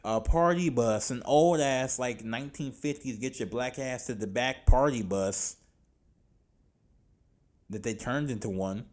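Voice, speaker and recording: A podcast host reviewing films rants fast and loosely to his listeners, slangy, profane, animated, and exasperated. His voice sits at an ordinary middle pitch, swinging from low muttering to loud outrage.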